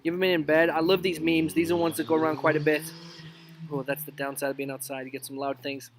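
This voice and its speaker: Man in his thirties, slightly high voice, casual meme commentary, jokey whispered asides, outdoor webcam, faint noise. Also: little pitch movement, fast. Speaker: youth leader hosting a live stream. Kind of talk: casual live-stream commentary on memes.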